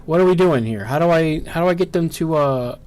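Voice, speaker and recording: A gameplay streamer with a slightly high, mellow, clean-toned voice and lively intonation gives live commentary. As things go wrong he grows frustrated, swearing and firing off rapid strings of "no."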